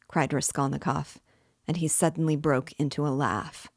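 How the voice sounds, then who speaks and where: A woman, host of a reading series, narrating a novel aloud in a measured, clear way. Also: low voice, steady tone, no echo, clean studio sound. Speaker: audiobook reader.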